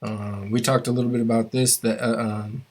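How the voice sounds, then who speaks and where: A man's voice: medium pitch, flat delivery, moderate pace. A man teaching a language class, explaining grammar rules step by step and often stopping to restart his phrases.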